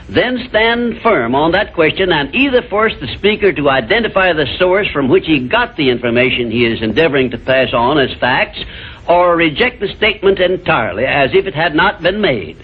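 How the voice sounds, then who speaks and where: A man delivering a measured, emphatic motivational lecture in an old, tinny archival recording. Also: fairly high pitch, lively intonation, breathy edge.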